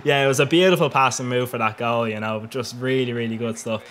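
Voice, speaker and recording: A man's voice: medium pitch, steady tone, brisk, a bit bright. A young man giving a cheeky, rambling voice-over commentary on his own football video game matches, laughing often. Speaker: gaming channel host.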